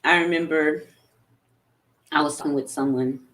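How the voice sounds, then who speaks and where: A woman's voice: deep voice, moderate pace. A middle-aged woman giving a candid, emphatic motivational talk. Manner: candid, emphatic, animated in quoted retorts. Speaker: motivational speaker.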